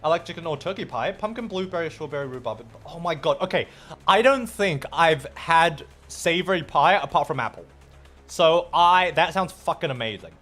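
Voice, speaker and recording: Lively high-voiced male streamer. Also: normal speed, faint music behind. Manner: chatty and playful, reacts to chat. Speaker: streamer and host. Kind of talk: casual live-stream chat while gaming.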